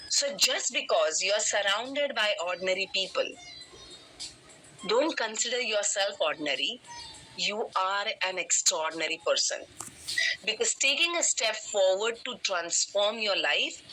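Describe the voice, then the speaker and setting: Motivational coach, woman, very bright tone, emphatic storyteller. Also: mid-range voice, rough recording. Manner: animated, emphatic, addresses listeners directly. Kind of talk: storytelling in an online session.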